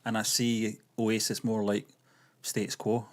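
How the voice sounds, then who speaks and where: A man's voice: fairly low pitch, completely flat delivery, a little slow. A man co-hosting a casual movie news chat, musing with lots of hesitations. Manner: hesitant, musing, many ums. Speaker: co-host.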